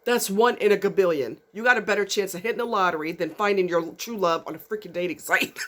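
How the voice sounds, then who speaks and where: A woman's voice: mid-range voice, quick pace, a bit bright. Vlogger woman, heated swearing rant, mid-range voice. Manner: fired up, blunt, swearing heavily. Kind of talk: angry profane rant to camera.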